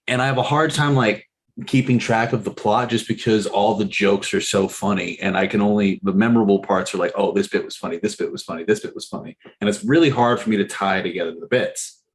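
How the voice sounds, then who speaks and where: A man co-hosting a movie podcast, chatting casually with lots of fillers and restarts. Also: lowish voice. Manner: rambling, filler-heavy, animated. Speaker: podcast co-host. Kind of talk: casual chat about movies.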